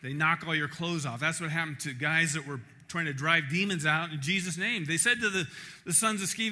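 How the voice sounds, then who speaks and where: A middle-aged man preaching a sermon, telling a personal story in an animated way and acting out the crowd. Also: a little high, fairly quick.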